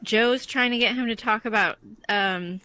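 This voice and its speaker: A woman's voice: on the high side, moderate pace, no room sound. A woman co-hosting a podcast, chatting loosely with lots of fillers and easy laughs. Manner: relaxed, filler-heavy, laughs easily. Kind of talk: casual chat.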